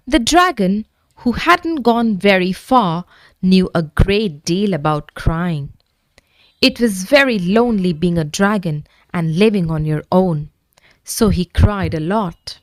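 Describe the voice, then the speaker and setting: A woman reads a bedtime story aloud, gentle and expressive. Her pitch rises and falls freely while her pace stays slow and unhurried. The recording is close and dry. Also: no echo.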